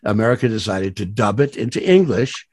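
Give me an animated man spinning rambling anecdotes, dry close sound. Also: fairly low pitch, fairly quick, no echo. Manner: rambling, many fillers and restarts; animated, laughs at his own stories. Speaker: voice actor guest. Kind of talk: storytelling interview anecdotes.

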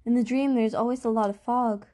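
A woman's voice: fairly high pitch, fairly even intonation, fairly quick, warm tone, close to an everyday voice. Woman reading a frightened, superstitious older aunt. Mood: fearful.

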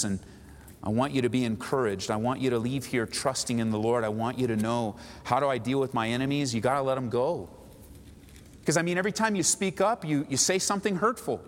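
A man preaching a sermon as a pastor, building to high, emphatic pleas. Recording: long hall reverb, faint background noise.

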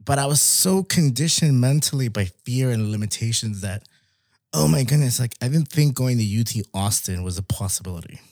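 A young man, telling stories in casual chat, animated, laughing often and dropping in Spanish words. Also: mid-range voice, fairly quick, no echo, studio quality. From Mexico.

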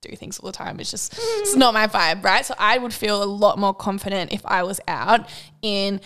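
A woman's voice: medium pitch, expressive, moderate pace, a bit bright. A young woman co-hosting a casual chat podcast, talking freely, laughing often and swearing now and then. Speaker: podcast co-host.

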